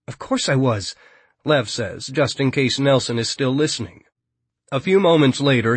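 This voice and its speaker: A man narrating an audiobook in a steady, even storytelling manner. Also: mid-range voice, breathy edge, dry recording. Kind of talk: scripted narration.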